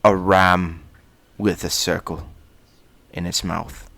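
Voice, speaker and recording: A man putting on the voice of an old-fashioned jousting announcer, speaking slowly and formally for comic effect. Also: deep voice, level tone, gravelly, a bit bright, exaggerated voice. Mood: proclaiming. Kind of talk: comic impression.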